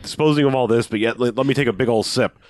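A man co-hosting a casual podcast, quickly recapping a movie and acting out quotes. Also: medium pitch, no room sound. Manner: rapid, animated, acts out quotes. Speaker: podcast co-host.

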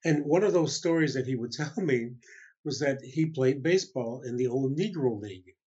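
An older man with a husky, mellow, medium-pitched voice tells a long story as an interview guest, expressive and at a moderate pace. He chuckles along and imitates the people he quotes. The recording is somewhat dull and lo-fi.

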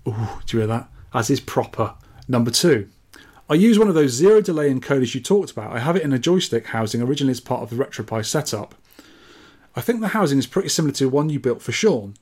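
A man's voice: medium pitch, lively intonation, fast, a little mellow, breathy edge. A man co-hosting a casual retro gaming podcast, reading out listener messages in a jokey, rambling way. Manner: jokey, rambling, self-deprecating. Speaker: podcast co-host.

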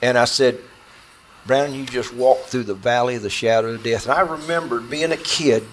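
A man recounts a close call to a small audience seated around him. His pitch sits squarely in the middle of the range, and his delivery is intense and halting, full of restarts and repeated words. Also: a little hiss or hum. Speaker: bowhunter telling a story. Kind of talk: personal storytelling to a small audience.

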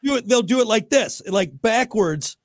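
A man with a notably high-pitched voice co-hosts a casual podcast, ranting in a blunt, profane, joking way. The sound is dry and close, with no room echo. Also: animated, normal speed. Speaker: podcast co-host. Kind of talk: casual chat.

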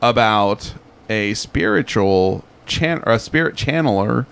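A man's voice: fairly low pitch, animated, a little slow, gravelly, fairly bright tone, clean tone. A man telling a story in casual podcast chat, rambling and full of fillers like "like" and "um". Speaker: podcast co-host.

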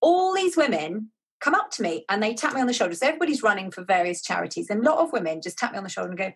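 A woman, telling a personal story in a chatty, animated way as an author guest. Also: medium pitch, rapid-fire, husky. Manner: animated, chatty, acts out quoted dialogue. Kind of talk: conversational storytelling.

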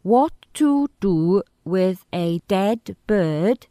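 A woman voicing a crude male brother with a Welsh Valleys accent who shouts, in a storybook reading. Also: mid-range voice, animated, extremely slow, dry recording, studio quality.

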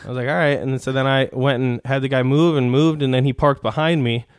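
A man's voice: medium pitch, steady tone, brisk, clear, resonant tone, dry recording, clean studio sound. Foul-mouthed casual male podcast host. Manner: rambling, foul-mouthed storytelling. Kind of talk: casual crude chat.

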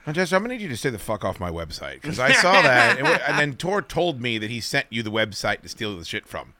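A man co-hosting a casual podcast, rambling and profane, breaking into loud laughter. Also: medium pitch, sing-song, fast, no echo. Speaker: podcast co-host. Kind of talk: casual banter.

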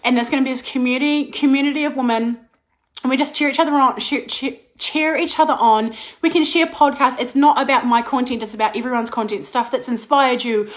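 A bubbly, excitable woman, a business coach chatting on a live stream with a slight cold. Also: sits high, brisk. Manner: bubbly and excitable, laughs and restarts often. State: slight cold, clearing throat. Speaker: business and mindset coach, podcast host.

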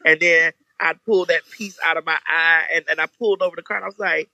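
A young woman telling a story in casual chat, animated and campy, jumping up to a high squeaky voice for the people she quotes. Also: fast talker, dry recording, highs cut off. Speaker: podcast guest telling a story.

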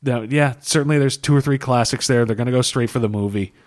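A man's voice: mid-range voice, fast. A man co-hosting a casual comic book podcast, rambling and swearing, laughing often, worn out after a long session. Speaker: podcast co-host.

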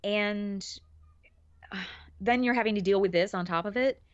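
Woman podcast guest, animated chatter with laughs, dull dry lo-fi sound. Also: medium pitch, moderate pace, clean tone, no echo. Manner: animated, laughing, many restarts. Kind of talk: casual chat.

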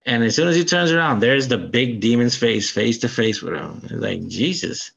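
A man co-hosting a casual podcast, excitedly recounting a film's plot and acting out the characters' lines. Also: medium pitch, normal speed, creaky, slightly rough, dull audio. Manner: animated retelling, acts out character lines. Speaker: podcast co-host. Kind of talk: casual film review chat.

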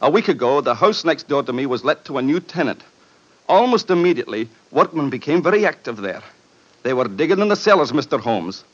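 An actor playing a frightened, excitable man with a weak heart, pleading breathlessly in 1940s radio style. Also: mid-range voice, fairly quick. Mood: alarmed. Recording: dull old radio broadcast.

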